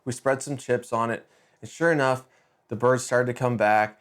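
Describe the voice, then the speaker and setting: Middle-aged male host, mid-pitched, relaxed storyteller who stresses key beats. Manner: conversational, with quick restarts and lively emphasis. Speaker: podcast host. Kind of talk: casual storytelling monologue.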